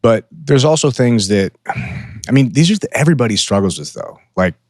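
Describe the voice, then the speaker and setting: A man's voice: medium pitch, expressive, normal speed, no echo, studio quality. A man co-hosting a podcast in casual chat, blunt and profane, acting out the voices in his head. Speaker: podcast co-host.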